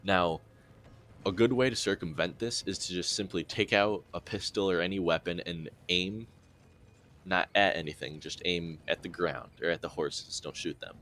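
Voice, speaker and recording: A young man narrating a casual gameplay tutorial in a relaxed, chatty way with dry sarcastic asides. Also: low voice, normal speed. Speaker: game guide narrator.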